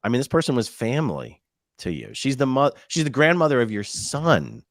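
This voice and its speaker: A man's voice: medium pitch, lively intonation, brisk, gravelly, no echo, studio quality. A man hosting a conversation, speaking earnestly and supportively to his guest. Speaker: host. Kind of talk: interview conversation.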